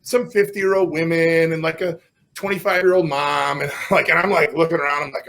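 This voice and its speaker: A middle-aged man, a strongman guest on a podcast, telling stories casually with lots of swearing and loud self-mocking outbursts. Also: high voice, fairly even intonation, fairly quick, noisy background.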